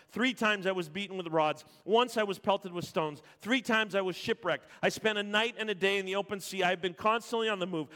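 A man preaching a sermon, reading scripture with rising intensity, then dropping to quiet, slow emphasis. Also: high-pitched. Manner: builds to loud emphatic peaks, then drops quiet and slow. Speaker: pastor.

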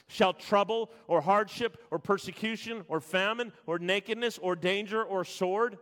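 A man preaching a sermon, reading scripture with rising intensity, then dropping to quiet, slow emphasis. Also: high-pitched. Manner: builds to loud emphatic peaks, then drops quiet and slow. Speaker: pastor.

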